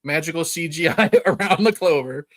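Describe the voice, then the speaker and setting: This man hosts a podcast where he casually retells a film, rambling and chuckling with lots of "you know". He speaks at normal speed, his voice on the high side with a fairly bright tone.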